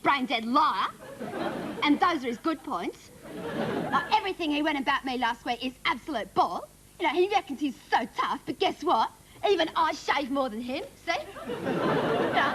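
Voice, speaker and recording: A cheeky, bratty teenage schoolgirl, put on by a woman, with a broad Australian accent and a high, whiny voice. She rambles sarcastically, padding every line with "you know". Heard on an old TV broadcast with a laughing studio audience and noise behind. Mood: sarcastic. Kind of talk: character comedy sketch.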